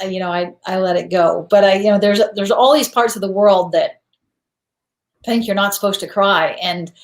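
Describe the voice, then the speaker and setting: A woman's voice: medium pitch, reverberant. A woman hosting a conversational interview, talking candidly and reflectively, and often laughing at herself. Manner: reflective, candid, self-deprecating. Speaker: podcast host.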